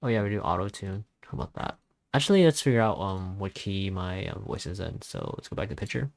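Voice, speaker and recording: A man casually talking through a music software tutorial in a rambling, offhand, self-deprecating way. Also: sits low, sing-song, fast talker, vocal fry, dry recording. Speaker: tutorial host. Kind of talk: casual screen-recording tutorial.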